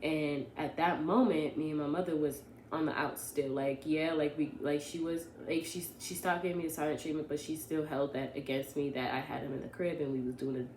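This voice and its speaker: A young woman vlogger, telling a story in a casual, animated, rambling way and often correcting herself. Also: deep voice, a little fast, hardly any pauses, slight background noise. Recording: echoey room with faint ambience.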